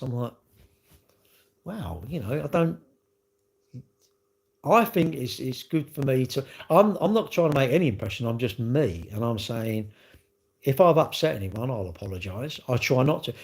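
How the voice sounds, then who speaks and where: A man's voice: medium pitch, darkish tone. A man chats on his livestream in a loose, rambling way. He circles back over the same points and sounds defensive as he talks to his viewers. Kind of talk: casual live chat to viewers.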